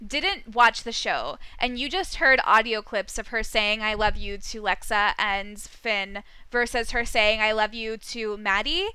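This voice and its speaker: A woman's voice: mid-range voice, unhurried, hardly any pauses, sharp tone, smooth, dry recording. A young woman co-hosting a casual TV recap podcast, chatty, laughing often and full of likes and ums. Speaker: podcast co-host.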